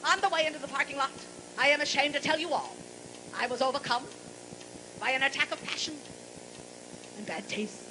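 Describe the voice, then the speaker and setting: A woman with a high, brassy voice works through bawdy stage jokes, salty and mock-forgetful as she goes. She is recorded live in a large, boomy venue. Loud audience noise sits under her the whole time. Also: brisk, pauses often. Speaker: stand-up comedian and singer.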